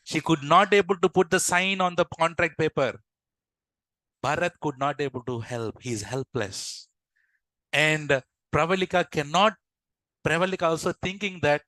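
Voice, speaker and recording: A young adult man, telling a story to teach a tech lesson and addressing his viewers directly in an animated way. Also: medium pitch, moderate pace, no room sound. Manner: animated, addresses the audience as guys. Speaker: tech instructor.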